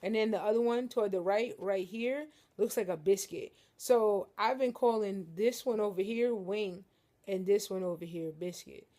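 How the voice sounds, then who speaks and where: A young woman talks to her viewers from a couch at home in an easy, joking way, calling them y'all. Her pitch sits in a middle range for a woman, and the talk is loose and playful. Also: normal speed, mellow. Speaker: vlogger. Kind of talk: casual chat to camera. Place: living room couch at home.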